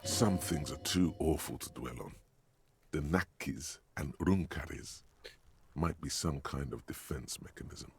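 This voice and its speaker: A grave inner narrator for a video game, calm and ominous. The voice is extremely deep and gravelly with a husky rasp. He speaks in measured, deliberate tones. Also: heavily acted.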